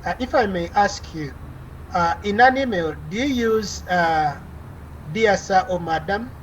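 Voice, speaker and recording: A woman lecturing an online class over a video call, her voice mid-pitched and ordinary. She explains patiently, pausing often on "uh" and restarting phrases. Faint noise sits under her voice. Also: expressive, rough recording. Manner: explanatory, frequent "uh" fillers and restarts.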